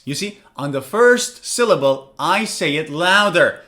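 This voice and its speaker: A man runs an online pronunciation class, speaking with lively animation and slowly drilling words for his audience to echo back. His voice is on the high side.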